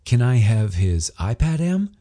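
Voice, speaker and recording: A man's voice: medium pitch, sing-song, unhurried, dark tone, voice pushed up. A man voicing a nervous young man. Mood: joking. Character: nervous young man, joking then tense. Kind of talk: audiobook character voice.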